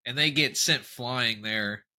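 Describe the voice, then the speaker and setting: A man with a very bright, sharp-edged voice at a middle pitch, chatting casually as a podcast co-host. He talks animatedly, laughs often and drifts into playful tangents. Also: takes it slowly. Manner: animated, laughing, jumps into tangents and jokey impressions. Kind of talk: casual chat.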